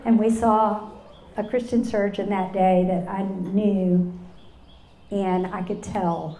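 A woman's voice: fairly low pitch, flat delivery, slow, dark tone. A woman in her fifties giving an earnest personal testimony at a women's luncheon, speaking straight to the audience. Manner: earnest, storytelling, addresses audience directly. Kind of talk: live personal testimony talk. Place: large hall with live audience. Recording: roomy echo in a hall.

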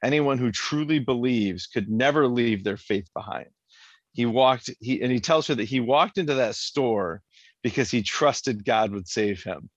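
Podcast co-host, man, lively recap talk, dry and slightly muffled sound. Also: medium pitch, measured pace, dry recording. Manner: animated, laughs often, acts out quotes. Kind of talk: casual chat recapping a TV episode.

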